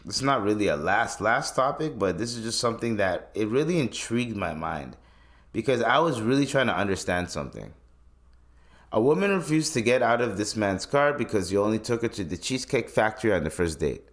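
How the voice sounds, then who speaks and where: A man's voice: fairly low pitch, sing-song, a little fast. A man in his twenties hosting a podcast, chatting loosely and rambling with plenty of swearing. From Canada. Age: 20s. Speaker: podcast host. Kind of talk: casual podcast chat.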